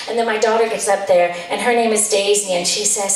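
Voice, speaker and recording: A woman's voice: mid-range voice, fast talker, hardly any pauses, very echoey, recorded from a distance, a little hiss or hum, rough recording. A woman telling a comic story to an audience, chatty and exasperated, slipping into voices for the people she describes. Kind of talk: live storytelling set.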